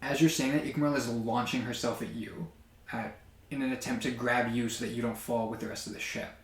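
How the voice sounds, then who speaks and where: A man's voice: medium pitch, steady tone, fairly quick. A man narrating a tabletop game as game master, with many fillers and a hesitant, casual delivery. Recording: echoey room.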